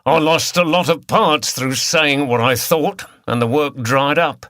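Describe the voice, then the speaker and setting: A man's voice: fairly high pitch, measured pace, fairly bright tone, pitched above the performer's own voice. A man voicing a harsh, aggressive male criminal with a Cockney accent. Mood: bitter. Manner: snarling, slouching, aggressive.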